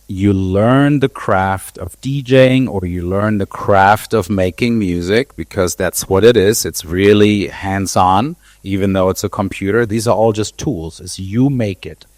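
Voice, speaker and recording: A man's voice: on the low side, a little mellow, no echo. A man who is a DJ and producer, giving blunt, opinionated views on a live panel and swearing casually. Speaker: DJ and producer, guest.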